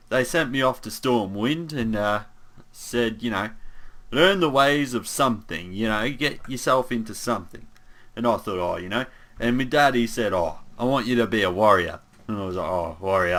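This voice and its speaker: A man with a lowish, pushed, bright voice performs an in-character monologue as a bumbling, easygoing young human paladin, rambling along with lots of fillers and asides.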